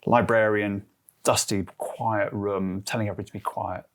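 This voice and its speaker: A man's voice: lowish voice, steady tone, normal speed. A man from Guernsey giving chatty interview answers, acting out quotes as he tells stories. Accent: Guernsey English. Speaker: interviewee, head of transformation and change.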